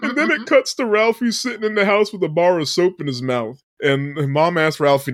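A man's voice: high-pitched, a little fast, no echo, studio quality. A man co-hosting a podcast, retelling a film scene by scene with frequent laughter and acted-out quotes. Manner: animated storyteller, laughs often, acts out quotes. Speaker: podcast co-host. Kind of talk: casual movie recap chat.

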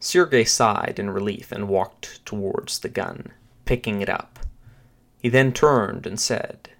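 A man narrating an audio short story in a dry, steady storytelling manner. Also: on the low side, takes it slowly, creaky.

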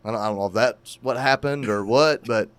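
A man telling a crude, animated story in casual profane podcast chat, laughing at his own tale. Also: mid-range voice, brisk, smooth, no echo.

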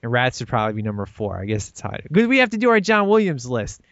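Guy cohosting a movie podcast, excited, laughs a lot, dull dry mic sound. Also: mid-range voice, fast, gravelly, no room sound. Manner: animated, laughs often, acts out quotes. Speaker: podcast co-host. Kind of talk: casual movie discussion.

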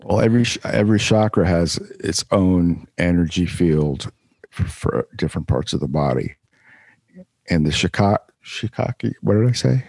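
A man co-hosting a podcast in casual chat, rambling with halting restarts. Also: low voice, expressive, creaky, darkish tone, no room sound. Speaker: podcast co-host.

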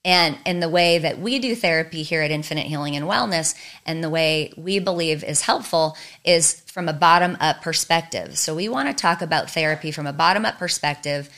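Woman therapist, lowish voice, earnest teaching talk, repeated short phrases. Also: a little fast, few pauses, fairly bright tone. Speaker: trauma therapist.

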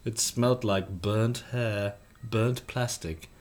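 A man's voice: on the low side, slow pace. A man co-hosting a podcast in casual chat, reading reviews aloud in a dry, mock-pompous way. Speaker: podcast co-host.

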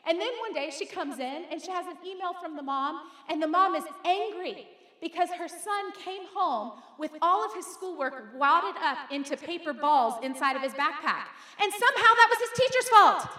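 In a church auditorium, a middle-aged woman pastor with a high, sharp-toned voice delivers a sermon. She talks conversationally and emphatically, addressing the congregation directly, and the echoey hall gives the recording a long reverb.

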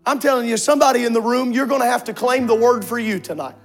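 A man preaching a sermon to a congregation in a church, impassioned and rising to shouts on drawn-out words. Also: extremely high pitch, soft background music. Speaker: pastor.

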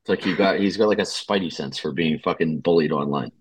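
A man's voice: sits low, a little fast, a crowd in the background. A man with a Boston accent hosting a sports podcast, telling rambling, profane stories in casual chat. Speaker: podcast host.

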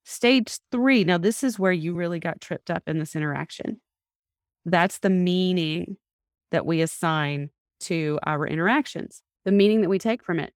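A woman's voice: fairly low pitch, moderate pace, no room sound, studio quality. A woman hosting a podcast, coaching a couple step by step and repeating back what she hears from them. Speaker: couples therapist and podcast host.

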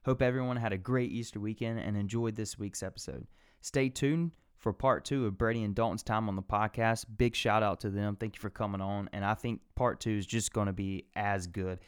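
A young man telling an animated, profane story on a casual podcast and acting out the voices of the people in it. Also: fairly low pitch, a little fast, clear, resonant tone.

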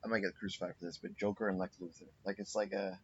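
A man's voice: low voice, level tone, quick pace, husky, dry recording, lo-fi sound. A man co-hosting a podcast, chatting casually in a laid-back way and swearing freely. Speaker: podcast co-host. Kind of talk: casual chat.

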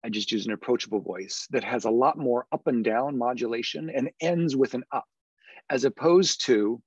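A man's voice: mid-range voice, normal speed, a little mellow, slightly rough, no room sound, dull audio. A man, a podcast guest and education consultant, explaining earnestly in a conversational interview. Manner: earnest, explanatory, demonstrates tones of voice.

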